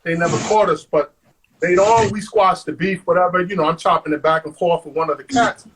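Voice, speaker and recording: A man, a guest on an interview show, telling stories in an animated way, acting out quotes and saying "man" all the time. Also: sits high, brisk, slightly rough, rough recording. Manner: animated, acts out quotes, says "man" constantly. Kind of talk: storytelling.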